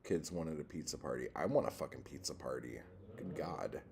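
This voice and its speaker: A man's voice: extremely low pitch, fast, gravelly, a little mellow, slight background noise. A man hosting a casual livestream, reading chat and rambling, profane and easily worked up.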